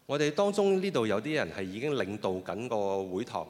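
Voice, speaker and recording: A man interpreting a sermon phrase by phrase, often pausing with fillers and restarting his sentences. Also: lowish voice, lively intonation, darkish tone. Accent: Cantonese. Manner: hesitant, with frequent fillers and restarts. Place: church hall. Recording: long reverb of a hall.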